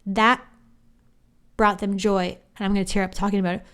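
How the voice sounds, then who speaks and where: A woman hosting a podcast, talking in a chatty, animated monologue, often restarting her sentences. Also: medium pitch, fairly quick, clean tone. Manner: chatty, animated, self-interrupting. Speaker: psychic podcast host. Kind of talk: casual monologue.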